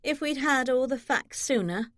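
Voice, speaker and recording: A woman's voice: high voice, lively intonation, moderate pace, fairly bright tone, no room sound, studio quality, voice pushed up. A woman voicing an earnest, conciliatory middle-aged mother. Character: warm-hearted mother of the groom.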